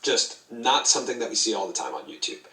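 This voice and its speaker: A male interviewer with an everyday mid-pitched voice, asking eager, loosely phrased questions. He is heard from some distance in a roomy, echoing space. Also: big pitch swings, fast talker, bright, forceful tone. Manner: enthusiastic, citing stats, filler-heavy. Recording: echoey room, away from mic.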